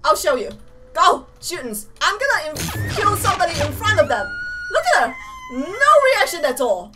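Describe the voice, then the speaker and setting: A woman playing a video game and commenting excitedly, laughing and shouting often. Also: very high-pitched, moderate pace, very noisy. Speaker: gamer. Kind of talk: let's play commentary. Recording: distant mic with game music. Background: game music.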